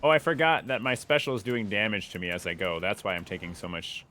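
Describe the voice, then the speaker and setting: A man's voice: on the low side, quick pace, pushed and bright. A young man giving playful live commentary as he plays a game, humming along and taunting enemies. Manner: playful, taunts enemies and hums while playing. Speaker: streamer.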